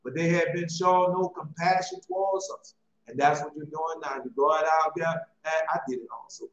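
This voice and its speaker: A man's voice: a little high, sing-song, normal speed, echoey room, lo-fi sound, background noise. A man preaching, reading scripture aloud and commenting on it in a loose, repetitive way.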